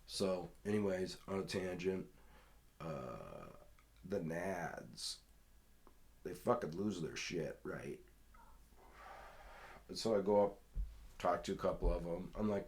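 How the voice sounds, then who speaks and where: A man hosting a podcast, telling rambling, profane stories in casual talk and loudly acting out what others said. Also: low-pitched, expressive, slow, vocal fry, long pauses. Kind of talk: casual storytelling.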